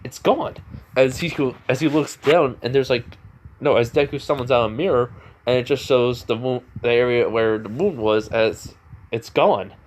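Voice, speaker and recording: A man's voice: mid-range voice, fairly even intonation, normal speed, slight background noise, rough recording. A man casually retelling a fan story, rambling along with lots of "you know" and "like". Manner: rambling, full of fillers and restarts.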